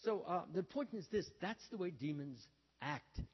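Halting man preaching in a reverberant hall. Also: high-pitched, expressive, slightly rough. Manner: halting, many fillers and restarts, acts out quoted lines. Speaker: religious speaker. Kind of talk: sermon storytelling. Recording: dull, reverberant hall sound.

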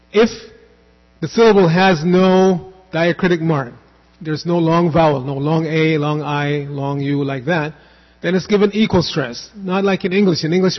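A man's voice: on the high side, long reverb tail, dull audio. A man giving a devotional scripture class, explaining at length, wandering off on asides and chanting Sanskrit verses.

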